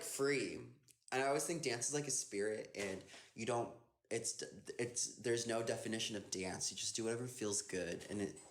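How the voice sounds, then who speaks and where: A man's voice: fairly low pitch, a little hiss or hum. Chatty young man reading live comments. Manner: chatty, playful, trails off mid-thought. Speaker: dancer hosting an Instagram live. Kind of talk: casual chat reading comments.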